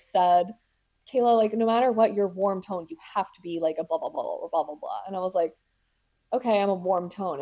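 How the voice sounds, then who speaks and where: With a low, dark-toned voice, a podcast host in her twenties tells a story conversationally, peppering it with sarcastic and dramatic asides and voicing characters.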